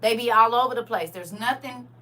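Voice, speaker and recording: Lively, bright-voiced woman talking faith. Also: on the high side, fairly quick, far from the mic. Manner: animated, laughing often, reading comments aloud. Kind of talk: casual faith talk to viewers.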